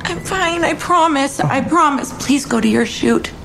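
Brief: tearful, desperate wife; high, halting delivery; film clip with score. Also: female voice, creaky, over music. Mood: pleading. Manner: pleading, breaking voice. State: crying. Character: frightened, tearful young wife pleading.

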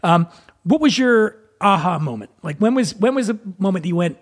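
A man's voice: high-pitched, expressive, a little fast. A man hosting a casual conversation, chatty and joking with his guest. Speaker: host.

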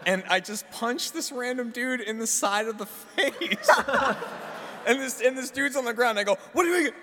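A man with a high, bright voice tells a story on a podcast, animated and quick to laugh. The room has a long reverb and a faint hiss underneath. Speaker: podcast co-host. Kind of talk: casual storytelling chat.

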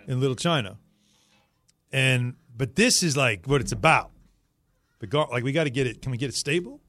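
A man hosting a sports talk radio show, chatting casually in a lively, joking way. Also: medium pitch. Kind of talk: casual chat.

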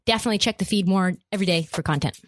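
A woman's voice: mid-range voice, rapid-fire. A woman hosting a podcast, ranting about sports in a blunt, profane and emphatic way. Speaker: podcast host. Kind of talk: opinionated sports podcast rant.

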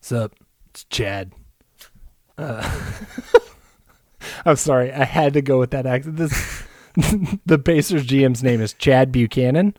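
A man's voice: mid-range voice, unhurried, a little mellow, no room sound, studio quality. A man co-hosting a podcast in casual chat, laughing and self-mocking. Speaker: podcast co-host.

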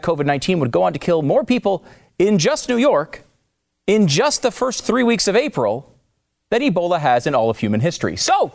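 A man hosting scripted political commentary, sarcastic and mocking with emphatic swings in delivery. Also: fairly high pitch.

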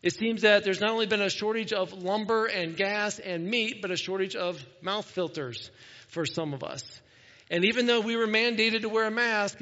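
A middle-aged man preaches a conversational sermon, his voice sitting a little higher than most men's. He talks in a folksy way and often restarts his sentences. The sound is dull, and a long reverb trails through the big church. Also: fairly bright tone. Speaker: pastor. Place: church sanctuary.

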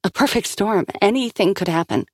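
Grave knowing lady magician , read by a woman, measured. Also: medium pitch, lively intonation, no room sound, clean studio sound, voice pushed up, lightly acted.

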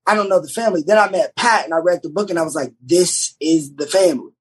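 Husky-voiced young man telling a story. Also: on the high side, quick pace, low-quality recording. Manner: animated storyteller, many restarts, does voices in quotes. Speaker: writer and showrunner guest. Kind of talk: casual podcast chat.

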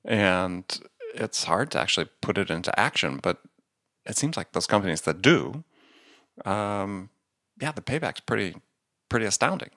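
A man's voice: fairly low pitch, lively intonation, moderate pace, long pauses, bright, forceful tone, no room sound, studio quality. A man hosting a podcast, asking probing follow-up questions in a conversational way. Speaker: podcast host. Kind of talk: interview questions.

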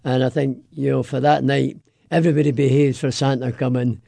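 A man's voice: medium pitch, level tone, fairly quick, gravelly, dark tone, no room sound. A man from Scotland with a Scottish accent, chatting and laughing often as a radio interview guest.

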